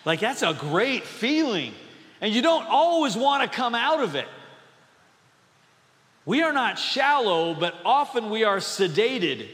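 A man pastor from North Dakota preaches with a light, high voice and an easy, chatty delivery, tossing joking asides to his congregation. His sermon rings out with a long reverb through the church hall. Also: very animated, a little slow, fairly bright tone. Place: church sanctuary.

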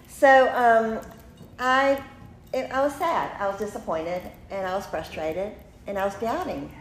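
A woman in her fifties tells a personal story with animated energy, breaking into laughs and acting out quotes. Her voice has a middling pitch. The recording sounds roomy, with a faint hiss underneath. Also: unhurried. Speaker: podcast host. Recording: roomy room with faint noise.

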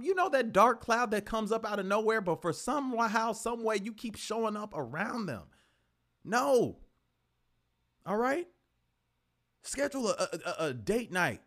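Man podcast host, high voice, animated and profane, repeating rhetorical questions in an offhand pep talk. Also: normal speed. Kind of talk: casual motivational talk.

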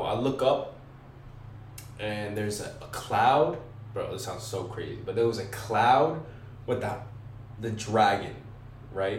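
A young man with a slightly low voice spins a story in loose, profane slang, acting out voices as he goes. He sits back from the microphone in an echoey room with a faint hiss underneath. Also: far from the mic. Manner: slangy and profane, lots of "bro" and "like"; excitable, acts out voices and screams. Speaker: podcast guest. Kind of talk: casual storytelling.

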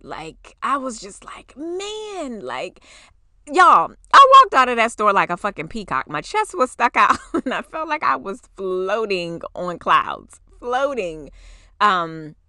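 A woman in her forties tells a story on her podcast with a bright, lively voice that swings high and low as she acts out what people said. She talks casually, swears freely, and the recording is dry and close. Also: a little slow, no room sound. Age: 40s. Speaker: podcast host.

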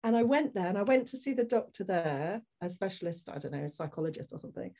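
Speaking quickly in a lowish voice, a woman guest on a podcast tells a personal story with candor. She animatedly performs the voices of the people involved.

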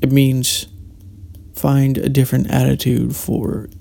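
Gravelly, mellow-voiced man musing aloud. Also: medium pitch, little pitch movement, takes it slowly. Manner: meandering, many restarts and hesitations. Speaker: podcast host. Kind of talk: reflective solo monologue.

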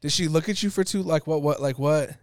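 A man's voice: a little high, brisk, no echo, studio quality. A man, hosting a podcast and firing off teasing questions. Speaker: podcast host. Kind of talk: casual interview.

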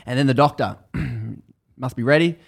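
A man hosting a podcast, casually retelling a book's story in animated bursts that build tension. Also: mid-range voice, a little slow, vocal fry, slightly rough. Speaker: podcast host. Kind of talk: casual book recap chat.

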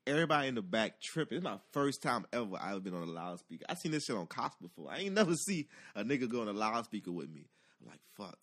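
A man telling a profane, excitable story and acting out the voices with loud outbursts. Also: lowish voice, brisk. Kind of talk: animated storytelling.

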